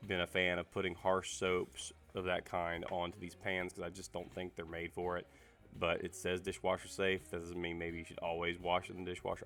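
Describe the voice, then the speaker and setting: A man with a very low, level voice that stays flat, worn raspy by illness. He talks through a cookware review in a loose, rambling way, with faint music under him. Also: fairly quick. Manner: relaxed, rambling with fillers and restarts. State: sick, raspy voice. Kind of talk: casual product review.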